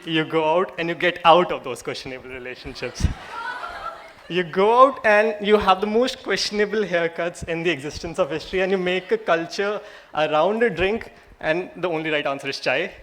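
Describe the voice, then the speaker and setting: A man in his late twenties with an Indian English accent gives new law students a humorous, self-mocking motivational talk, building to loud, emphatic lines. His voice is fairly high and brisk, with slight background noise.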